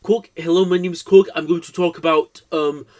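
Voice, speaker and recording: A man's voice: on the high side, unhurried, a bit bright. A man doing Korg, a dim rock alien. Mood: chatty.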